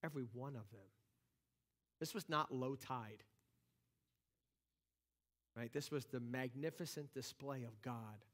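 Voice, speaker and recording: Measured and often pausing, a man with a mid-range, slightly bright voice delivers a sermon in a church sanctuary. His pastoral talk is conversational, with many restarts and building energy.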